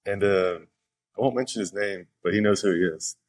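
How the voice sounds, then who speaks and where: A young man with a low, deep voice speaks casually as a podcast guest, rambling through his stories with frequent fillers and restarts. The recording is dry and close, with no room sound. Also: brisk, no echo. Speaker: professional pitcher, podcast guest. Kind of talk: casual interview storytelling.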